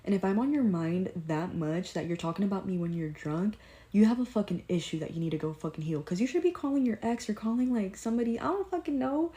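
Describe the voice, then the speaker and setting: A young woman vlogger telling a story in a blunt, profane, animated way, jumping into quoted lines. Her voice has a soft, mellow tone at a mid pitch. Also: quick pace. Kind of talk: casual storytime vlog.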